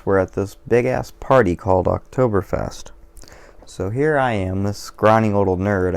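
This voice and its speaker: Brief: male vlogger, deep and gravelly, loose digressive monologue, swears freely, pokes fun at himself. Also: a little mellow. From Washington State, USA. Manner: digressive, profane, self-deprecating. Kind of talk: casual rambling monologue over beer.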